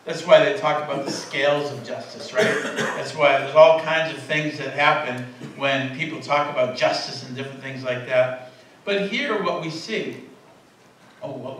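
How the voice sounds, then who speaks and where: A man's voice: on the high side, fairly bright tone, slight background noise. Man preaching in a very echoey church. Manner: conversational, self-correcting, laughing asides to the congregation. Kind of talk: sermon. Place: church sanctuary. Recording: very echoey room, voice from a distance.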